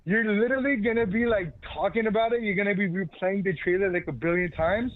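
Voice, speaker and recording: A man's voice: sits high, fast talker. A man calling into a casual chat show, talking in a slangy, laid-back way. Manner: slangy, laid-back, says bro and dude. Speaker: caller. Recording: tinny phone line.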